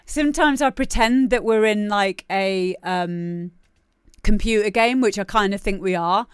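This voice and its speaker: A woman's voice: medium pitch, slow pace, clean tone, no room sound, clean studio sound. A woman hosting a livestream show, chatting casually and giggling, rambling with lots of fillers.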